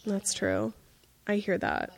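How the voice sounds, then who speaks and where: A woman's voice: medium pitch, steady tone, slow pace, creaky. A woman co-hosting a casual podcast from her couch at home, playful and chatty. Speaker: podcast co-host. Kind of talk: casual chat watching a show.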